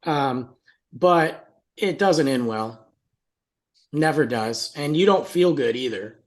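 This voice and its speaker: A man's voice: medium pitch, animated, slow. Man telling a story on a podcast. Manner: storytelling, acts out quotes, laughs often. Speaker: podcast co-host. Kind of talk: casual podcast chat.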